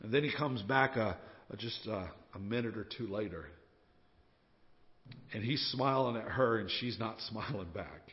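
A man preaching a sermon as a pastor, telling a story and acting out the voices in it with lively swings in loudness. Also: on the low side, moderate pace. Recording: dull sound with long reverb.

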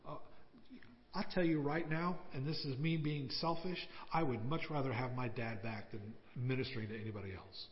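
A male pastor preaching with earnest conviction, often sinking to a near-hush. His voice trails a long reverb through a church sanctuary. The sound is dull and lo-fi. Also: medium pitch. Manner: earnest, drops to a hush at key points. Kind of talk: sermon.

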